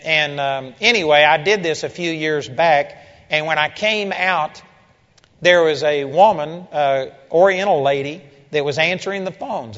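A man preaching a sermon to a congregation and telling a story, building to loud, emphatic peaks. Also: a little high. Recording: dull, echoey hall recording.

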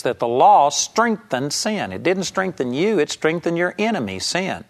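A man preaching an earnest sermon, teaching from scripture and telling a story to make his point. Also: fairly high pitch. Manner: earnest, emphatic Bible teaching with anecdotes.

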